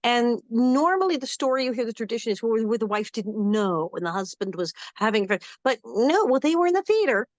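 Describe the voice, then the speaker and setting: An older actress in an animated interview, telling lively anecdotes and acting out quick quotes. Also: female voice, on the high side, no room sound.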